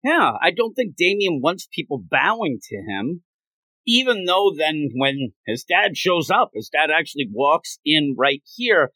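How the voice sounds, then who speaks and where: A man's voice: fairly high pitch, no echo, poor audio. A man hosting a podcast, chatting casually about a comic and acting out its lines with laughs. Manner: animated retelling with quick acted quotes and laughs. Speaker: podcast host. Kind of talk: casual manga discussion.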